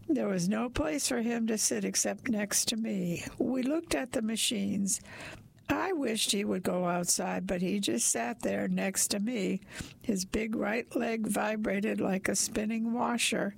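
Slow, gravelly woman reading a story. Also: medium pitch. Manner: wry, confiding, plain-spoken. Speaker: reader. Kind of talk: reading a short story aloud.

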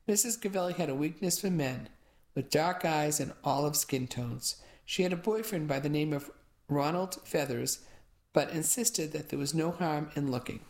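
A woman's voice: sits low, moderate pace, a little mellow. A woman giving first-person audiobook narration with wry, dry asides.

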